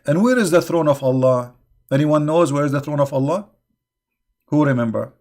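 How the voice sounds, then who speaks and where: A man whose voice is fairly high, animated, and a little mellow talks at normal speed while hosting a sarcastic online religious debate. He uses non-native grammar, mocks, laughs at his own jokes, and keeps posing rhetorical questions to his listeners.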